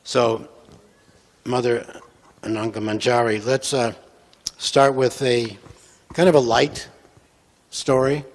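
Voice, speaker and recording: A man moderating a panel, introducing speakers in a relaxed, slightly hesitant way. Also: medium pitch, slow pace, long pauses. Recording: reverberant hall.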